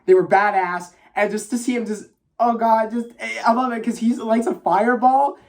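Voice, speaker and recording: Excited rambling man reviewing a film. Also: high voice, normal speed. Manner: excited, rambling, many fillers and restarts, swears. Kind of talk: casual spoiler review.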